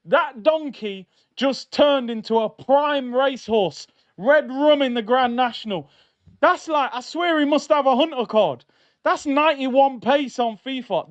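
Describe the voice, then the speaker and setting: A young man calls a live football match for his stream viewers, excitable and full of slang. His voice sits high for a man. The audio is dry and a little muffled, like a home streaming setup. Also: no room sound. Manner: excitable, slangy, shouts at big moments. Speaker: football watchalong host. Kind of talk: live football watchalong commentary. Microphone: streaming mic.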